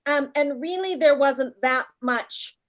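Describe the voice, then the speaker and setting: A woman in her late fifties casually telling a travel story, animated, acting out the voices of the people in it. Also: sits high, takes it slowly. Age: 50s. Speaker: guest.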